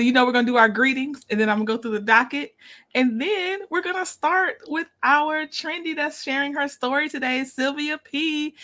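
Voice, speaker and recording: A woman hosting a casual livestream, greeting viewers by name, lively and quick to laugh. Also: fairly high pitch. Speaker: livestream host.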